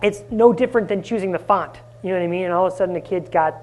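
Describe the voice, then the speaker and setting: A man presenting a live conference workshop, energetic and often asking the audience questions. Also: high voice, racing, a little hiss or hum. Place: conference room.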